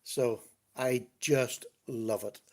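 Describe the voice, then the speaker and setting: A man at a computer at home, hosting a relaxed livestream. He talks in an easy, chatty way, laughs often, and reads out comments from viewers as they come in. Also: mid-range voice, extremely slow. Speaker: livestream host. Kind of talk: casual chat.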